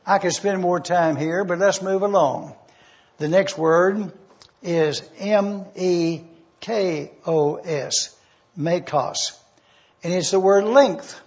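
A man preaching a sermon, teaching word studies with deliberate emphasis. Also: high voice, a little mellow, highs cut off. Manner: deliberate teaching, spelling out Greek words, rising emphasis.

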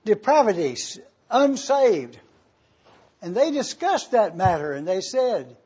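A man preaching a sermon as pastor, emphatic, swelling loud on key phrases and dropping soft and low. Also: very animated, slow pace, slightly rough, highs cut off.

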